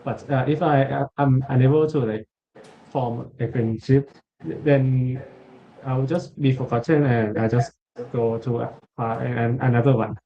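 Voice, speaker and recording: A hesitant young man in a student discussion, pausing with many "uh"s and restarting his sentences. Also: medium pitch, steady tone, vocal fry, a little hiss or hum. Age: young adult. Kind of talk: casual group discussion. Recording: dull muffled audio.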